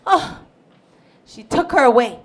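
A woman narrates a Bible story for children in a bright, high voice that swoops widely. She speaks slowly and expressively, stopping often to ask her listeners questions. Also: sing-song.

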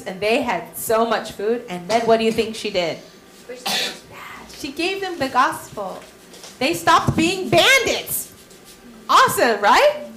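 A woman teaching children, telling a story in a lively way and asking them questions. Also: a little high, reverberant, slight background noise, poor audio. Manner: animated, asks the children questions.

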